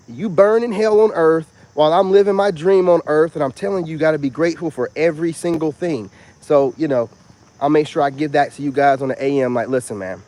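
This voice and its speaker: A man with a slightly higher voice gives a casual self-help vlog monologue. He rambles in an animated way and swings his pitch up and down. He keeps circling back to filler phrases. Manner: animated, rambling, repeats "you know what I'm saying".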